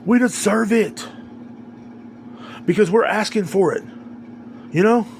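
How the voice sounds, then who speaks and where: A man on a podcast goes off in a loose, rambling rant. He swears freely and circles back on his points. His voice sits a bit high for a man, and faint vehicle noise hums underneath. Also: takes it slowly, vocal fry. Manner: heated, profane, rambling. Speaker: podcast host. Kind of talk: casual ranting monologue.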